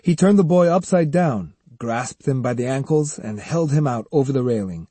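A man narrating an audiobook with a lively, swooping delivery. His voice is dark and husky, recorded close and dry. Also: medium pitch, moderate pace, no room sound. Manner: expressive, acts out each character. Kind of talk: scripted narration.

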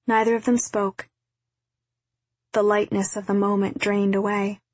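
A woman reading a novel aloud as narrator, in a quiet, even storytelling delivery. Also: medium pitch, unhurried, pauses often, no room sound. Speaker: audiobook narrator. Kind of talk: scripted narration.

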